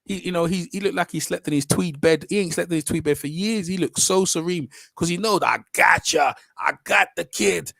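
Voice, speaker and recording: A man rants through casual boxing commentary in a voice pitched somewhat high for a man. He mocks and loops back over his points in quick asides. The sound is dry and close to the mic. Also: gravelly, no room sound. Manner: animated, mocking, repeats himself, drifts into quick asides.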